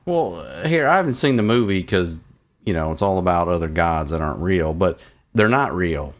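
Deadpan low-voiced man cracking quips. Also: moderate pace. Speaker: podcast co-host. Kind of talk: casual chat.

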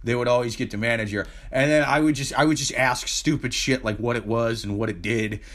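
A man's voice: mid-range voice, brisk, fairly bright tone. A man in a casual podcast chat, telling a profane story and acting out phone calls in voices. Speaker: podcast co-host.

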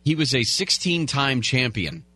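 A man's voice: mid-range voice, expressive, unhurried, bright, forceful tone, slightly rough. A man hosting a talk radio show, chatting casually and reading headlines with rambling asides. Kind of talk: talk radio chat and news rundown. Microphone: studio broadcast mic.

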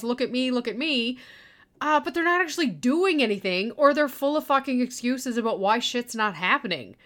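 A woman's voice: a little high, fairly bright tone. A middle-aged woman hosting a solo show, delivering a blunt, profane rant about people who make excuses and don't deliver. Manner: blunt, exasperated, swears freely, mocks excuses in a whiny voice. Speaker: podcast host and online course business owner. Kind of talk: profane ranting monologue.

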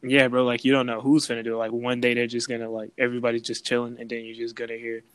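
A man's voice: mid-range voice, completely flat delivery, quick pace, a bit bright, clean tone, no echo, poor audio. A young man, chatting casually and animatedly, acting out voices in his stories. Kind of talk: casual chat.

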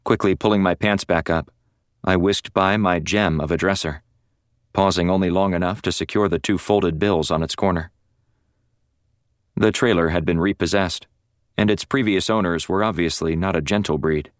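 A man's voice: sits low, fairly even intonation, moderate pace, clear, resonant tone, no echo. A man narrating a first-person novel as an audiobook in a dry, wry storytelling manner. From North Florida.

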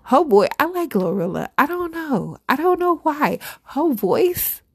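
A woman's voice: high-pitched, sing-song, measured pace. A middle-aged woman hosting her own show, chatting casually and animatedly, laughing often and talking straight to her listeners. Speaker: podcast host. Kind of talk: casual solo commentary.

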